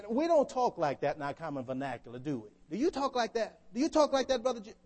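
A man's voice: high voice, big pitch swings, quick pace, darkish tone. A man preaching a sermon to a congregation, often asking them questions to draw them in. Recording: long hall reverb.

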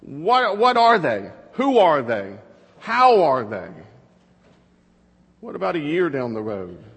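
Pastor, male, thirties, fairly high voice, easy storytelling sermon, long hall reverb. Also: huge pitch swings, slow pace, slightly rough. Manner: conversational storytelling with rhetorical questions.

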